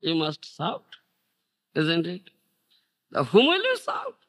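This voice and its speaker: A middle-aged man with an Odia accent giving a devotional lecture, checking on his listeners and breaking into loud chanted verses. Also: fairly high pitch, takes it slowly. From India. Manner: animated, repeats "Do you understand?", breaks into loud chanted verses. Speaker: spiritual teacher giving a lecture. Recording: 1991 archival lecture tape.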